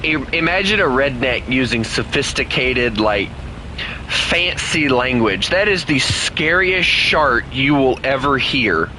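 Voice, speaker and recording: A man's voice: medium pitch, takes it slowly, a little hiss or hum, low-quality recording. A man giving casual, joking commentary while playing a game with a friend. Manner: joking, animated banter with a friend. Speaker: gaming streamer.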